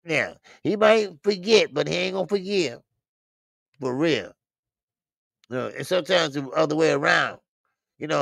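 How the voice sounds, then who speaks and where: A man's voice: a little high, expressive, normal speed, creaky, long pauses, fairly bright tone, dry recording. A man hosting a boxing livestream in loose, talkative chat, laughing often and repeating himself. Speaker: boxing channel host.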